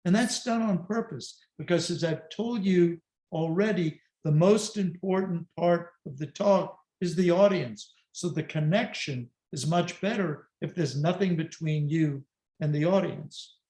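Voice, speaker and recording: Man, speaker coach, online presentation, emphatic self-deprecating delivery, raised pitch, echoey home room. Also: a little slow, a little mellow.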